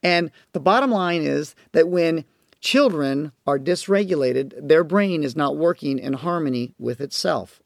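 A man's voice: a little high, lively intonation, unhurried, vocal fry, dry recording, clean studio sound. A man teaching parents in a recorded lecture, explaining in an earnest, emphatic way. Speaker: parenting educator and counselor.

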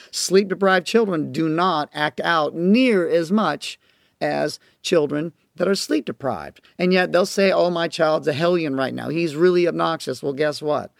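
A parenting educator and counselor lectures to parents, earnest and emphatic in his explanations. His voice is fairly high and gravelly. The recording is dry and studio quality.

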